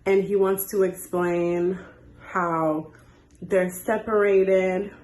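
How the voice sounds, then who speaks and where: A woman in her twenties telling a story on a casual story time chat, animated and jumping high when she quotes people. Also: extremely slow, roomy sound, a little hiss or hum, low-quality recording. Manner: animated, jumps to high voices when quoting.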